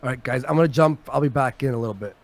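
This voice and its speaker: A man hosting a casual livestream chat, telling stories in an animated way and swearing often. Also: mid-range voice, very fast, dry recording. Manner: animated, swearing storyteller who swings from loud to mumbled. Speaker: show host.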